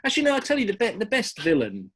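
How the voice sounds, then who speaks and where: A man's voice: high voice, huge pitch swings, rapid-fire, fairly bright tone, a little hiss or hum. A man answering history questions as a podcast guest, chatty and enthusiastic with loose restarts. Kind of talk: casual podcast Q&A.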